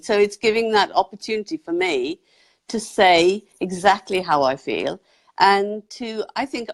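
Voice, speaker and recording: Earnest, reflective woman host. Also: on the low side. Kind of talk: casual chat.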